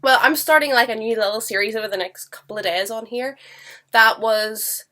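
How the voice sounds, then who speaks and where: A woman's voice: on the high side, moderate pace, bright, forceful tone. A woman with a stuffy voice from a cold, chatting casually and enthusiastically about books at home. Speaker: book vlogger. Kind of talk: casual chat to camera.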